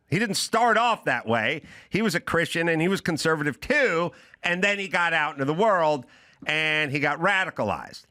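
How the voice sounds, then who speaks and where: A man's voice: on the high side, animated, moderate pace, sharp tone, no echo, clean studio sound. A man hosting a podcast, ranting in a sardonic, opinionated way and acting out other people's voices. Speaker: podcast host. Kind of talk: casual opinionated monologue.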